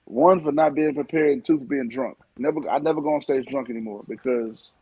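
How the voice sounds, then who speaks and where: A man, a comedian telling loud, laughing stories in casual podcast chat and swearing freely. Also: mid-range voice, fairly quick, breathy edge, dry recording, muffled recording. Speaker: comedian guest.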